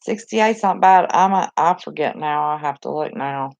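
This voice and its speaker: A chatty, excitable woman with a Southern West Virginia accent, hosting a casual live chat from a cluttered bedroom on a phone. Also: low-pitched, moderate pace, creaky, highs cut off. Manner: chatty, excitable, talks to viewers and reacts to the chat. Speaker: live stream host.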